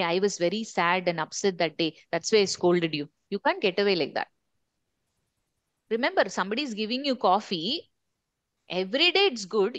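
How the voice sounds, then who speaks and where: A woman's voice: fairly high pitch, no echo. Middle-aged woman leading a workshop. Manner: conversational, asks the group questions. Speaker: corporate trainer. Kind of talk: workshop talk to a live group.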